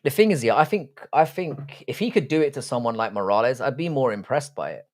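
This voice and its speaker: A man's voice: mid-range voice, lively intonation, brisk. Crude, joking young British man streaming. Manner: crude, profane, joking banter. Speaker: live-stream host. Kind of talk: casual live-stream chat, reading viewer comments.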